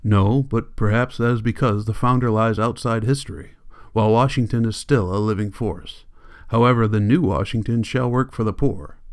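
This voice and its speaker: A man's voice: fairly low pitch, normal speed, clear, resonant tone, close to an everyday voice. A man reading an audiobook, voicing a cold, commanding political leader who lectures in an icy, insistent way. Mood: lecturing.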